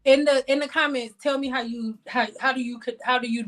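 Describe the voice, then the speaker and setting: A woman hosting a casual hair care live stream, loud and dramatic, swearing and talking straight to her chat. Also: high voice, fairly even intonation, a little fast.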